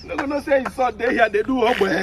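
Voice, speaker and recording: Laughing, teasing Nigerian man, very high voice. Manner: laughs constantly, teasing and mocking. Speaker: comedic commentator. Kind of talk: mocking comedic commentary. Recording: loud background noise.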